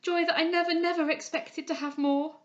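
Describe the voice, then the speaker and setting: A gushing young maid from a storybook spills over with breathless devotion, as a woman reader puts her on. The voice rides high and loud. The recording sounds dull and lo-fi. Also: flat delivery, fairly quick. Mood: overjoyed. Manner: effusive, breathless with joy.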